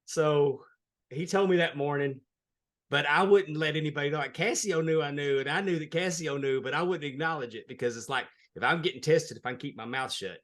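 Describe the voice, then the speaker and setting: A man's voice: fairly high pitch, a little fast, fairly bright tone. A man, a wrestling referee, telling a heartfelt story in a casual interview. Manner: earnest, heartfelt, plain-spoken.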